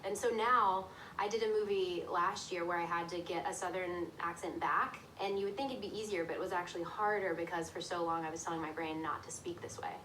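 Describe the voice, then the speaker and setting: A woman's voice: fairly low pitch, fairly even intonation, a little fast, few pauses, a bit bright. A young woman from Tennessee with a neutral accent, answering interview questions about herself in a breezy, self-deprecating way. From Tennessee, US South. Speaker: interviewed actress. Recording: distant clip audio, faint hiss.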